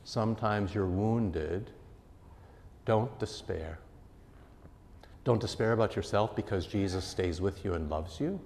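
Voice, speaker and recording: Low-voiced man preaching in a reverberant hall. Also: moderate pace, hardly any pauses. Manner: earnest, emphatic preaching with swings in loudness. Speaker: pastor. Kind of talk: sermon.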